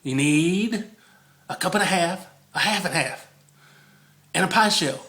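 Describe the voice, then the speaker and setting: A man's voice: high voice, lively intonation, a little slow, sharp tone. A man chatting casually through a home cooking video, rambling, easily distracted and laughing often, repeating the recipe in a sing-song.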